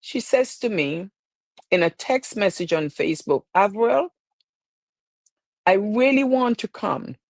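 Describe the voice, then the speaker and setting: A woman's voice: medium pitch, lively intonation, unhurried, pauses often, no room sound. A woman hosting her own stream, speaking in an emotional, preacherly way with repeated phrases. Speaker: show host. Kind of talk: impassioned live-stream talk.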